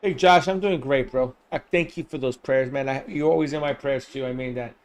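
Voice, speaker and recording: A man hosting a live game simulation stream, calling plays with excitement, shouting on big plays and chatting with viewers by name. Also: mid-range voice, fairly quick. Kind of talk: live play-by-play commentary with chat replies.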